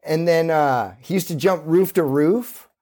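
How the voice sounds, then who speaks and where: A man's voice: on the high side, unhurried, a little mellow, slight background noise. A man from Santa Cruz, a skateboarder guest, telling stories in a loose, rambling way full of fillers. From Santa Cruz, California. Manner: rambling storyteller, many fillers, easygoing. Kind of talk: casual interview.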